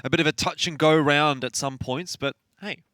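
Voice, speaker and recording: A man commentating an esports match in a measured, relaxed way with dry humor. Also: on the high side, no echo. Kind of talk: analytical commentary.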